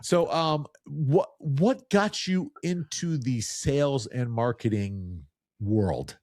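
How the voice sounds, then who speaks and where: A man's voice: medium pitch, expressive, slow, darkish tone, dry recording, studio quality. A man hosting a podcast, chatting casually and telling jokey stories. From New Jersey. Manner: chatty, joking, storytelling. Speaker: podcast host. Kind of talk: casual interview chat.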